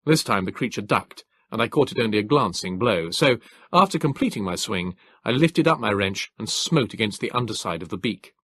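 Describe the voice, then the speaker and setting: Low, husky male audiobook narrator. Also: animated, a bit bright. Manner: measured, formal storytelling.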